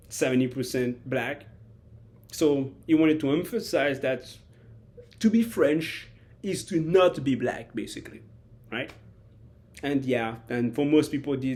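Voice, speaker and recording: A man giving a rambling, animated spoken analysis of a football match, often acting out quotes. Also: medium pitch. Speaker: football commentator.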